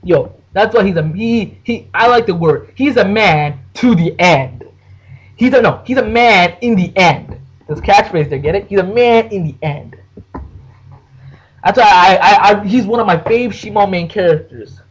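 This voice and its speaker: A man ranting casually about anime fights, excitable and profane, full of slang and restarts. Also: sits high, unhurried, husky, rough recording. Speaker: anime reviewer. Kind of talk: casual anime rant to the camera.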